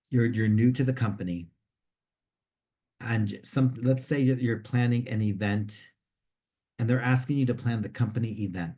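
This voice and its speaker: Mellow-voiced man coaching students. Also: mid-range voice. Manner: conversational, repeats words while explaining. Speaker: career coach. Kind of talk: instructional talk to students.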